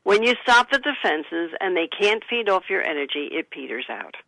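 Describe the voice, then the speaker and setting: A woman speaks as an author on a talk radio show, earnest and advising. Her voice is gravelly and forceful. The sound is dry and close. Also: on the low side, sing-song, moderate pace, no room sound, low-quality recording. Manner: earnest, advising, gives listeners example phrases. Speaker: author guest. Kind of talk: radio interview. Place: studio.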